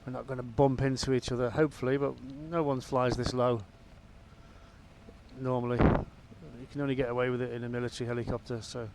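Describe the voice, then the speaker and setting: A man's voice: mid-range voice, little pitch movement, fairly quick, very noisy. A man giving casual, rambling commentary while flying a helicopter in a VR game, with wry asides. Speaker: gamer flying a VR helicopter sim.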